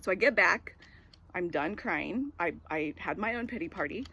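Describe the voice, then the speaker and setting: A woman in her forties with a fairly low voice gives a casual devotional talk. She rambles through a personal story, full of "um" and "like", in an easygoing, conversational way. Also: animated, normal speed, bright, forceful tone, breathy edge. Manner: rambling, storytelling with filler words. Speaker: devotional speaker.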